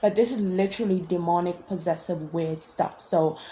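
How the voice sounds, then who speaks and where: Rambling young woman vlogger, mellow voice. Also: lowish voice, moderate pace, slight background noise. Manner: blunt, rambling, swears. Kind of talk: casual storytelling.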